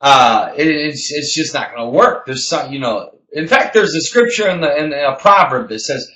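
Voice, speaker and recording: Man, business show co-host, preachy emphatic delivery, bright and forceful, slightly high voice, roomy echo. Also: animated, normal speed, few pauses. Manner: emphatic, preachy, repeats phrases for effect. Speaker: podcast co-host. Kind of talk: motivational business talk.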